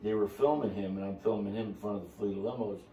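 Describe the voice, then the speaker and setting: A man's voice: lowish voice, fairly even intonation, quick pace, mellow, reverberant, distant mic, a little hiss or hum. A man telling his story on a podcast, boisterous and rambling, with a salesman's flourish. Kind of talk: casual chat.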